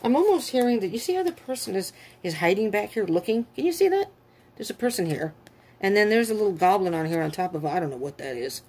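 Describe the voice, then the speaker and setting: Husky-voiced lady doing a tarot reading, blunt and lively, keeps laughing and putting on little voices. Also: mid-range voice, fast. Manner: animated, blunt, laughs often, acts out quoted voices. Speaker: tarot reader.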